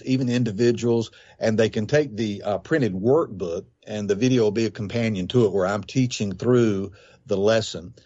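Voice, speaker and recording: A man's voice: fairly low pitch, warm tone, highs cut off. A man who founded a recovery ministry, answering questions on a radio interview in an earnest, explanatory way with fillers and scripture quotes.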